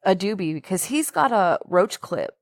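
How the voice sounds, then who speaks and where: A woman's voice: medium pitch, big pitch swings, normal speed, dry recording, studio quality. A woman co-hosting a casual podcast, bluntly recapping a film and swearing offhandedly. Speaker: podcast co-host. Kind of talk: casual film discussion chat.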